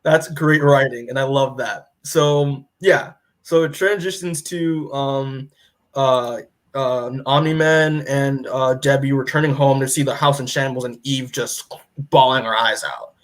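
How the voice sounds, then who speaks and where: A young man co-hosting a podcast, casually retelling a comic story in a rambling way, full of fillers and quick acted-out character lines. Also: mid-range voice, fairly even intonation, a bit bright. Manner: rambling, lots of "like" and restarts, acts out characters' lines. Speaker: podcast co-host recapping comics. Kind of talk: casual chat.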